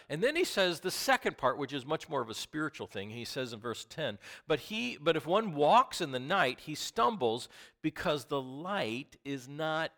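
Animated, stammering preacher man with bright tone. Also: on the high side, moderate pace. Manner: animated, playful preaching with frequent restarts and repeated words. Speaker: pastor. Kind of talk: conversational sermon.

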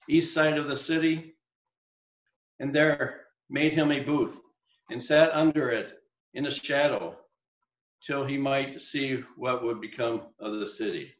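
A male preacher giving a sermon, reading scripture and dropping to a soft voice on key points. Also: mid-range voice, echoey room, muffled recording. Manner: expository, reads scripture aloud, drops softer on key points.

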